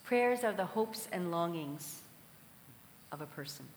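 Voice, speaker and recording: A woman preaching a sermon in a large hall, telling a story and asking reflective questions at a measured pace. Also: lowish voice, lively intonation, a little hiss or hum. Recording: echoey hall with long reverb.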